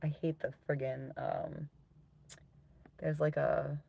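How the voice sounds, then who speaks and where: A woman's voice: low voice, little pitch movement, slow, gravelly, muffled recording, slight background noise. A woman casually chatting with viewers on a livestream, rambling loosely and swearing often while reading out comments.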